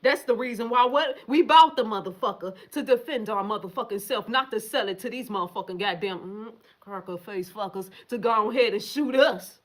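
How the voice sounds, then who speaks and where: A woman's voice: fairly high pitch, brisk, hardly any pauses. A woman hosting a casual livestream, reading viewer comments and answering them in a profane, emphatic way straight to her viewers.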